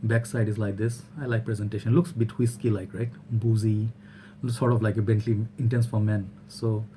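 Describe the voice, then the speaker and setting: Chatty low-voiced man. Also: flat delivery, normal speed, mellow, a little hiss or hum. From Bangladesh. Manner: chatty and rambling, often checks in with "all right?". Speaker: fragrance reviewer. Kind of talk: casual product review vlog.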